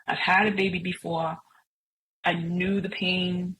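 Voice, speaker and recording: A woman's voice: fairly low pitch, fairly even intonation, unhurried, fairly bright tone, slight background noise, rough recording. A middle-aged woman sharing a personal story as a guest, speaking earnestly and emotionally with many fillers. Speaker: podcast guest.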